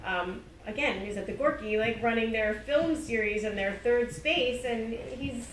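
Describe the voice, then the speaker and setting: A fairly high-voiced woman speaks in a chatty, storytelling way, acting out little dialogues. She is picked up from a distance in a roomy theater. Steady noise hums behind her. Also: unhurried. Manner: chatty, quotes people in dialogue, laughs often. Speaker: playwright on a panel. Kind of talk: casual panel discussion.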